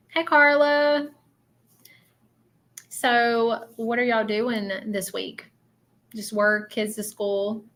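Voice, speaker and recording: A woman with a high, bright voice hosts a live-stream psychic reading. She rambles animatedly, circling back and repeating phrases as she relays what she senses. Her delivery is eager and loose rather than scripted. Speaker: psychic medium host.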